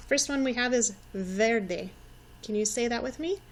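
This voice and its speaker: Woman, 40s, patient teacher for kids, slow and encouraging, slightly high voice, faint background hiss. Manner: encouraging, repeats words for children to echo. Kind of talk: slow, patient classroom instruction.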